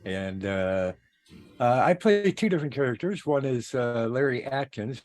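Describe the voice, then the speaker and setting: A man's voice: mid-range voice, darkish tone, no echo. A man improv player introducing himself over a video call, rambling and goofy. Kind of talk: casual self-introduction.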